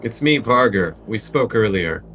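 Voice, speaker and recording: Very low-voiced, hesitant game player. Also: male voice, expressive, unhurried, a bit bright, soft background music, low-quality recording. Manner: hesitant, full of ums and restarts. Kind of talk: casual tabletop role-play.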